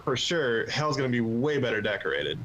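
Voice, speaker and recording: A man's voice: medium pitch, big pitch swings, brisk, crowd noise, rough recording. A man in his twenties doing a crude, self-mocking stand-up set at an open mic. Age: 20s. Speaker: stand-up comedian.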